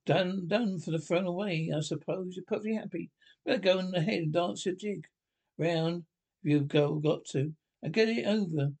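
A man's voice: high-pitched, moderate pace, vocal fry, darkish tone, husky, full character voice. A man reading a storybook aloud and voicing a peevish, complaining male mole. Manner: grumbling, complaining.

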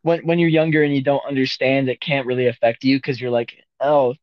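A man's voice: mid-range voice, level tone, brisk, dry recording. A young man co-hosting a casual podcast, joking and rambling between silly bits. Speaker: podcast co-host. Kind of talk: casual chat. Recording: dull lo-fi mic.

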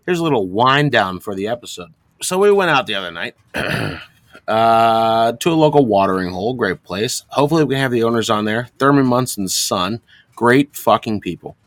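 A man's voice: medium pitch, a bit bright, no room sound. Rambling, profane man telling stories. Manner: rambling storyteller, profane and joking. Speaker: podcast co-host. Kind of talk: crude casual chat.

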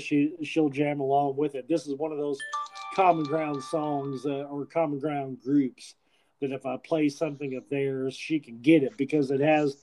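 A man's voice: fairly high pitch, warm tone, low-quality recording. Rambling, profane male podcast host. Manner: rambling, profane, frequent restarts. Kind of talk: casual chat.

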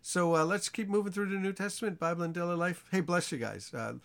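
A man teaching an informal Bible study sermon in a conversational way, asking his listeners questions and acting out the characters' lines. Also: fast talker. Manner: animated storytelling, acts out the characters' lines with rising pitch.

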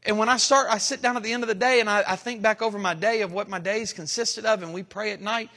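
High bright-voiced man preaching in a hall. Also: steady tone. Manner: preaching with surging emphasis and dramatic pauses. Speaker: pastor. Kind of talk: sermon. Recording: long hall reverb.

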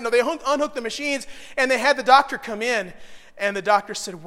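A middle-aged man pastor preaching a sermon, telling a personal story with emotion that swells to loud, intense peaks. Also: high voice, fast talker, in a large hall.

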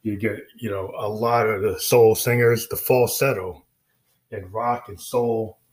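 A man's voice: lowish voice, fairly even intonation, unhurried. A man who is a musician, talking casually and rambling about his music with many fillers and restarts. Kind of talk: casual spoken explanation.

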